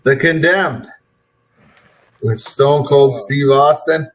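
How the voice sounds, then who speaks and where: A man's voice: medium pitch, slow pace, rough recording. A man hosting a podcast, chatting casually in an easygoing way. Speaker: podcast host. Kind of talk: casual chat.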